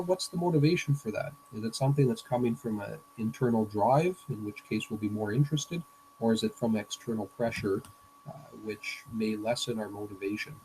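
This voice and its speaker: A man's voice: fairly low pitch, mellow, slight background noise, low-quality recording. A man, a business coach, giving a presentation lecture in a hesitant way, with frequent fillers and restarts.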